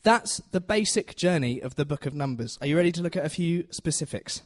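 A man's voice: a little high, expressive, brisk. A man giving a chatty, self-deprecating Bible teaching in a church, often asking the audience questions. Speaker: preacher.

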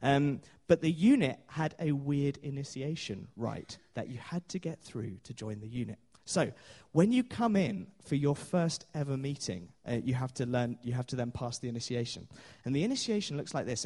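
A man's voice: medium pitch, animated, normal speed, few pauses, dark tone. A man preaching a sermon in a chatty storytelling way, with many fillers and small laughs.

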